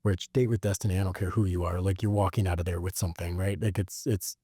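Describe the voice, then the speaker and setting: A man hosting a podcast, telling stories in a casual, animated way with lots of fillers. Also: low voice, fast talker, slightly rough, no room sound, studio quality. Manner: animated storyteller, many fillers. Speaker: podcast host. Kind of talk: casual conversation.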